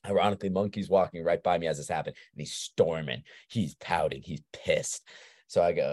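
Very deep-voiced man telling a story. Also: fairly quick, dry recording, studio quality. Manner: rambling, animated anecdote with frequent "like" and laughs. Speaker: podcast host. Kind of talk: casual storytelling chat.

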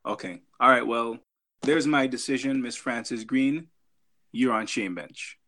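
A man's voice: mid-range voice, measured pace, bright, forceful tone. A male podcast co-host chats casually, joking and wandering through his thoughts. He keeps breaking up his sentences with filler words and restarts. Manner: joking, rambling, many fillers. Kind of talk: casual chat.

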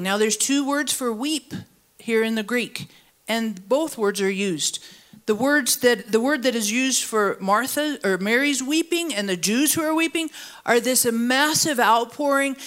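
A woman with a high voice preaches a sermon to a church congregation, part of it in the room and part online. Her delivery is animated: she lifts her pitch far up to stress a point, then sinks low and slow, and she pulls the listeners in by asking them to finish her sentences. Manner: asks the congregation to fill in words. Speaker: pastor. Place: church service, also streamed online.

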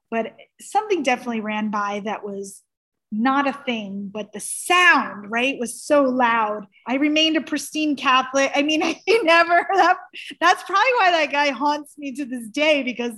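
A woman hosting a podcast, chatting casually in an animated, rambling way with frequent laughter and fillers. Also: sits high, moderate pace. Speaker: podcast host. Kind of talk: casual chat.

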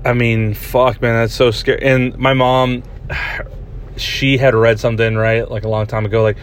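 A man's voice: mid-range voice, little pitch movement, unhurried, a little hiss or hum. Rambling, profane young man. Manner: rambling and profane, many restarts. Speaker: podcast host. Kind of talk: casual storytelling. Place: parked vehicle.

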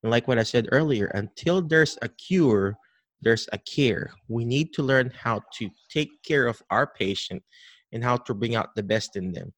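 A dementia care educator, a man with a mid-range voice at normal speed and no room sound, is interviewed on a podcast call. He grows animated and restarts a lot while demonstrating the way caregivers greet patients.

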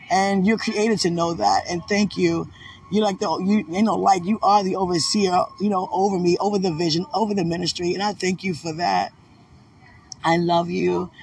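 A fiancée records a casual, heartfelt video message of thanks, emotional and devout, rambling along with plenty of fillers. Her voice is medium-pitched and gravelly, captured from a distance with slight hiss or hum.

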